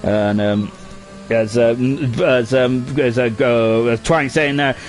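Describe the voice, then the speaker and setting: A man's voice: mid-range voice, steady tone, slow pace, faint music behind. A young man giving live sim racing commentary, chatty and full of fillers, often tagging lines with "isn't it?". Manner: chatty, ends lines with tag questions, many fillers.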